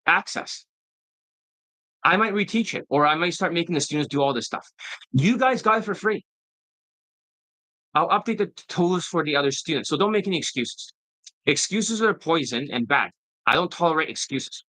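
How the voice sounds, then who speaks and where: Bright, combative male dating coach. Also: high-pitched, no room sound, low-quality recording. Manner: profane, combative, mocking. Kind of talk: casual ranting monologue.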